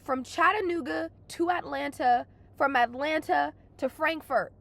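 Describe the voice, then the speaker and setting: A young woman venting through a casual storytelling rant, exasperated and swearing a lot, her voice hoarse from crying. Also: high-pitched, unhurried, a bit bright, no echo. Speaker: vlogger.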